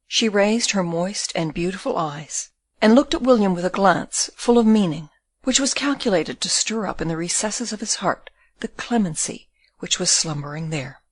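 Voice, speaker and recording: A woman reading an audiobook with measured, even storytelling. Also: mid-range voice, dry recording. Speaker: audiobook reader. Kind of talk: audiobook narration.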